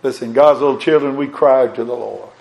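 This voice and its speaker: A man preaching a sermon, fervent and emphatic, repeating words and swinging between raised and hushed delivery. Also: medium pitch, a little fast, creaky, dull audio.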